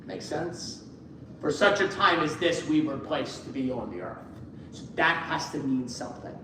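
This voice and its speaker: Man choir director, high tenor voice, coaching singers and singing demonstrations, recorded from afar in a very echoey room. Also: normal speed, sharp tone, slight background noise. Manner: counts off beats and sings phrases to demonstrate. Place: church choir rehearsal room. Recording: echoey room from far off with music.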